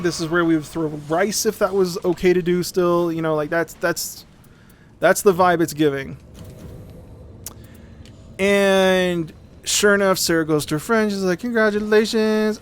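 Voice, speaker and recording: A man streaming a game, telling a long, rambling, profane story in casual chat. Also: high voice. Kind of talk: casual storytelling while gaming.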